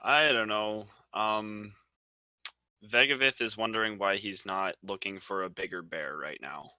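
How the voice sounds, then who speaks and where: A low-key man playing a tabletop game, with a flat delivery. His voice is fairly low but very bright and sharp, and it sounds dry. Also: a little slow, clean tone, no echo.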